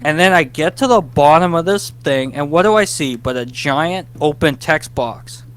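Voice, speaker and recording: Animated man telling a story. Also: on the high side, clean tone. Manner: animated, acts out his past self in quick bursts; self-deprecating, talks openly about nerves. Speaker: guest writer. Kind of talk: casual interview storytelling.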